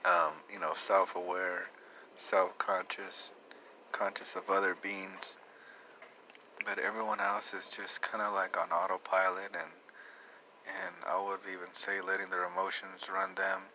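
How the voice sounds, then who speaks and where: A young man telling a personal story in a reflective, rambling way, with many halting restarts. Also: deep voice, sharp tone, a little hiss or hum, low-quality recording. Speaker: vlogger.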